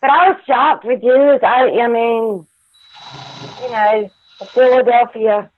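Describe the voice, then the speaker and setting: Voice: medium pitch, fairly even intonation, takes it slowly. A speaker with a Southern country twang, rambling in casual chat and laughing often. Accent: Southern American. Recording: tinny phone-like line.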